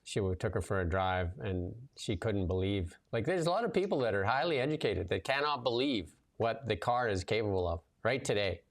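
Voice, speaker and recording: A man's voice: lowish voice, brisk, hardly any pauses. A man hosting a casual livestream chat, loose and talkative with lots of fillers as he tells stories. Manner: loose and chatty, many fillers, lively storytelling. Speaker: show host and commentator.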